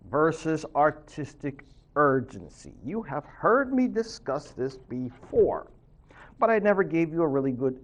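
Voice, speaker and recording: A man's voice: on the high side, dull audio. A man speaking as a college professor in a recorded lecture, chatty and full of joking asides.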